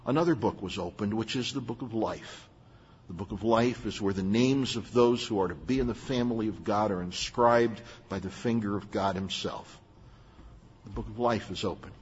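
A man's voice: mid-range voice, husky. An older man preaching a sermon as a pastor, earnest and emphatic, with plain asides to his listeners. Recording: muffled, long hall reverb.

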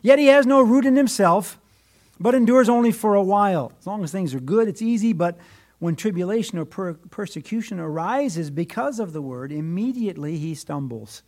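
A man preaching a sermon, shifting between emphatic declarations and hushed asides. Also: sits high, expressive, normal speed. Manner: wide swings between emphatic and hushed delivery. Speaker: pastor.

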